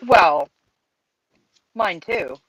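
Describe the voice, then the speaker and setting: A woman's voice: fairly low pitch, expressive, drawn-out words, dry recording, poor audio. A woman hosting a casual chat over a video call, playful and teasing, laughing easily. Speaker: host.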